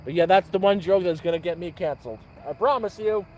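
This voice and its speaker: Guy with a kinda high voice telling a dirty joke on a livestream, stumbles and repeats himself a lot. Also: fast talker, slight background noise. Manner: rambling storyteller, repeats words, loud sound effects. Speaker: livestream host. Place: outdoors at a campfire.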